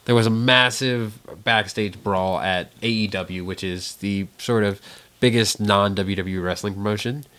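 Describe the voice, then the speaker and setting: A man's voice: lowish voice, fairly even intonation, measured pace, sharp tone. A man co-hosting a casual podcast chat, explaining things at length in a lecturing way. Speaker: podcast co-host.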